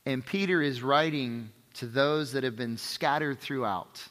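A man's voice: medium pitch, unhurried, a bit bright. A man preaching a sermon in a conversational way, often checking in with "right?" and driving points home through repetition. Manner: emphatic repetition. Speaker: pastor. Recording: reverberant hall.

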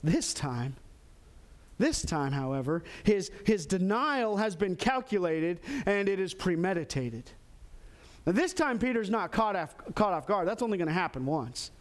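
A pastor preaching a sermon, animated, acting out quoted lines with sudden jumps in pitch. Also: male voice, measured pace. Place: church in Texas.

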